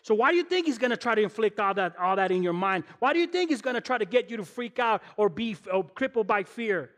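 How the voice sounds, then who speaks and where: A man preaching as a guest pastor, animated and emphatic, firing rhetorical questions and slipping in casual slang. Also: high-pitched, fast talker. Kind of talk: sermon. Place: church sanctuary. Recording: long hall reverb in a church.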